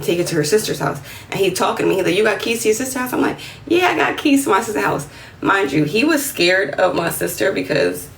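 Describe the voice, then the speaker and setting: A woman's voice: medium pitch, creaky. Twenties woman, New York accent, telling a casual story on a livestream. Set a bit back from the phone, with faint room noise. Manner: animated, slangy, acts out quotes in a raised voice. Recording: roomy, slightly distant phone audio with faint room noise.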